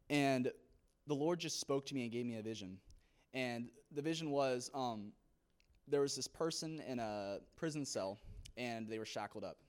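A man's voice: medium pitch, clear, resonant tone. A young man from a church youth group giving an earnest testimony to a congregation, telling his story with many fillers.

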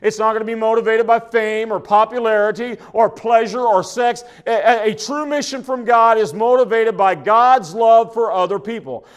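A man's voice: high voice, moderate pace, few pauses, clean tone. A man from preaching a sermon in a folksy, conversational way, often restarting his phrases. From Oklahoma. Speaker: pastor.

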